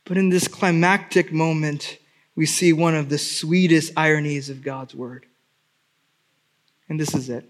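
A man's voice: a little high, fairly even intonation, measured pace, pauses often. A man pastor preaching a sermon with emphatic repeated refrains.

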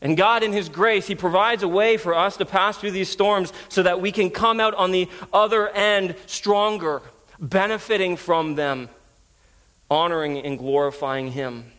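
A man's voice: high voice, a little slow, a bit bright. A man in his thirties preaching as a guest, earnest and storytelling, with frequent restarts. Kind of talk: sermon.

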